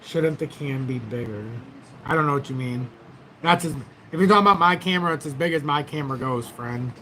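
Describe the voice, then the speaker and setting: A man's voice: on the high side, fast, pushed and bright, a little hiss or hum. A man hosting a casual crypto livestream, rambling and chatty as he talks straight to his viewers through a tablet's built-in mic. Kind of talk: casual livestream market commentary.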